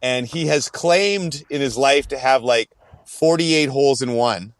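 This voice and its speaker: A man's voice: medium pitch, a little slow, no room sound. A man co-hosting a podcast, telling long rambling stories in casual chat with many fillers. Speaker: podcast co-host.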